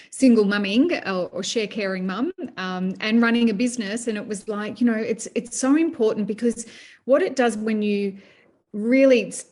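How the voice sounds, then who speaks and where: Earnest woman coach, even middle pitch. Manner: earnest, talks in long, looping sentences. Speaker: guest, money management coach. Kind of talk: conversational interview.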